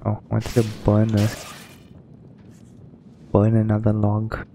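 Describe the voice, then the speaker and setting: A man's voice: on the low side, monotone, slow pace, mellow, slight background noise. A man giving casual, rambling let's-play commentary, hesitant and full of ums. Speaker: gaming streamer.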